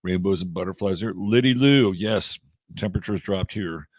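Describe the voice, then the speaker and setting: A deep-voiced, middle-aged man from Texas keeps a moderate pace while casually hosting an astrology livestream and greeting viewers by name. No room sound comes through, and it's studio quality.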